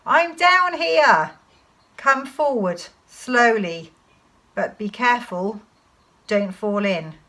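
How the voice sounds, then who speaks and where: A woman's voice: mid-range voice, animated, slow, a bit bright. A woman voicing a father stuck in a pit, calling out from a distance in a storybook reading. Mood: shouting. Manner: calling out from far off.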